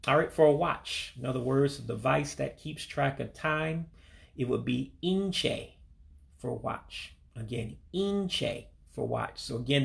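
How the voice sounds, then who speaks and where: Middle-aged male teacher with a heavy gravelly rasp who drills each word slowly and patiently. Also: mid-range voice. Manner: slow, repeats each word for practice. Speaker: language learner teaching vocabulary. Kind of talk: casual spoken language lesson. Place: back room at home.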